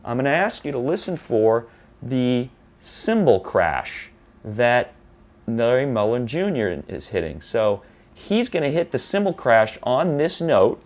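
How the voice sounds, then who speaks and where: A man's voice: mid-range voice, big pitch swings, unhurried, darkish tone. A man teaching guitar, explaining rhythm patiently, counting beats aloud and now and then correcting himself. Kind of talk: guitar tutorial. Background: electric guitar playing.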